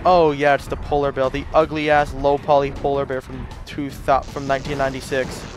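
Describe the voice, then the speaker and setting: A man's voice: mid-range voice, little pitch movement, fairly quick. A man giving casual commentary while playing a video game, frustrated, swearing often and muttering to himself. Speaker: let's play gamer. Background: game music.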